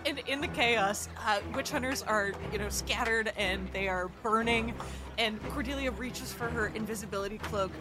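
A woman playing a tabletop game, giggly and animated as she describes her character's actions. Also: fairly high pitch, moderate pace, music in the background. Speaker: player. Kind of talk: tabletop game role-play.

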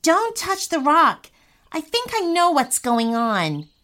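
A woman voicing Keon, a brave, quick-thinking young boy, earnest and urgent in a storybook reading. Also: sits high, wildly swooping pitch, bright, forceful tone, voice pushed up, full character voice.

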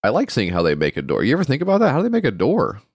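A man's voice: medium pitch, huge pitch swings, racing, no room sound, studio quality. A man co-hosting a podcast, chatting casually and ranting in exasperation. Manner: exasperated ranting, swears a lot. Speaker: podcast co-host. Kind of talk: casual chat.

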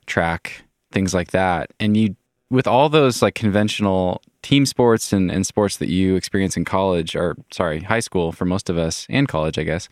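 A man's voice: low voice, normal speed, no room sound, clean studio sound. A man hosting a podcast, reacting often and asking long, thoughtful questions in casual chat. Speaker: podcast host.

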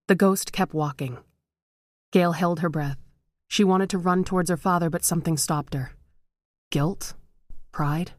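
Low-voiced woman narrating horror. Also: darkish tone, no echo, studio quality. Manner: measured, dramatic storytelling.

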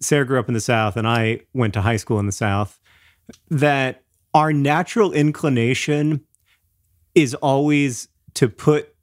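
A man's voice: mid-range voice, unhurried, dry recording, clean studio sound. A man co-hosting an advice podcast in casual chat, teasing his co-host, laughing often and drifting into tangents.

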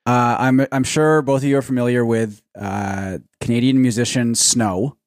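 Excitable man chatting on a podcast. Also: medium pitch, moderate pace, dry recording, clean studio sound. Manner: excitable, swears freely. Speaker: podcast host. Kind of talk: casual podcast chat.

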